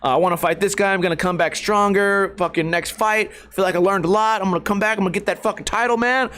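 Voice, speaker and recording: A man's voice: high-pitched, fairly even intonation, quick pace, fairly bright tone, pitched above the performer's own voice. A man mimicking a brash male fighter who rants in a rowdy, profane, swaggering way. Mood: boastful. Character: brash male fighter ranting after a win.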